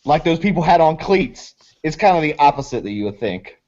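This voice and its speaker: A man voicing a frantic, foul-mouthed male vagrant who yells and rambles. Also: on the high side, sing-song. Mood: rambling. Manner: shrieking, swearing, rapid. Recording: dull lo-fi audio.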